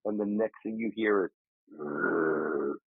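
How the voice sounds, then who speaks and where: A man, a paranormal investigator, telling an animated story in a casual interview, acting out his friend's shouts. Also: low voice, slow, creaky, husky, no room sound. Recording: dry tinny remote call audio.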